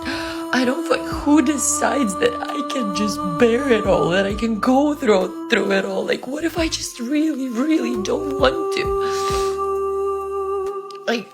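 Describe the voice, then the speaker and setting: Tired tearful woman venting slowly, music under it. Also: on the high side. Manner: slow, weary, tearful. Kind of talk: emotional vlog rant. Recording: clear music behind.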